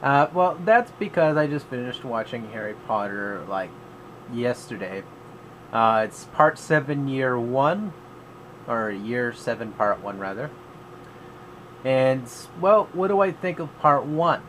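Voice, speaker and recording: A man's voice: mid-range voice, expressive, takes it slowly, fairly bright tone, a little hiss or hum, rough recording. A man giving a casual vlog movie review in a rambling, offhand way, with many fillers and restarts.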